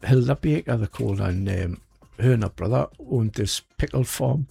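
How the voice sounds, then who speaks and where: A man's voice: mid-range voice, expressive, moderate pace, gravelly, mellow, breathy edge, soft background music. A man co-hosting a radio show, chatting casually and rambling with lots of fillers. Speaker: radio co-host. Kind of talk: casual chat.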